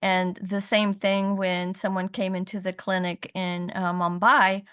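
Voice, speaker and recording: A middle-aged or older woman on a video call, telling a personal story in an animated way. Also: medium pitch, measured pace, smooth. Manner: animated storyteller, laughs often. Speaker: community call participant.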